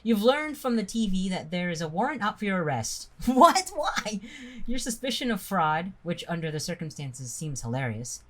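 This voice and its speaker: A woman's voice: lowish voice, big pitch swings, fairly quick, few pauses. A woman reading a text game aloud with friends, breaking into laughter and stumbling over words. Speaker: game player.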